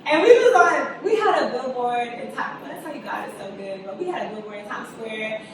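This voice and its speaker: A woman's voice: fairly high pitch, fairly quick. A young adult woman, a guest writer and director, chatting casually in an interview, telling stories animatedly and acting out quotes with frequent laughs. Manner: animated storyteller, acts out quotes, laughs often. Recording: echoey room, distant mic, background noise.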